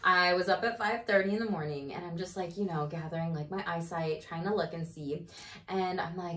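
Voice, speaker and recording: A woman in her thirties telling a story in casual chat, animated, swearing freely and laughing as she goes. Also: fairly low pitch, fairly quick. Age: 30s. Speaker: podcast host. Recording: roomy, distant mic.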